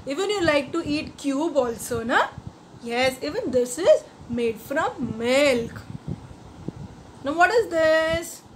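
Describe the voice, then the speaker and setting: A woman's voice: high voice, animated, a little hiss or hum. A woman teacher with an Indian English accent, coaxing young children with questions and teaching them a nursery rhyme. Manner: slow, sing-song, coaxing questions to children.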